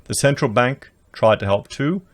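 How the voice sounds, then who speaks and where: A medium-pitched Australian man speaks at normal speed, reading out news and reacting with emphatic, rhetorical political commentary aimed at his viewers. It's recorded close on a podcast dynamic mic.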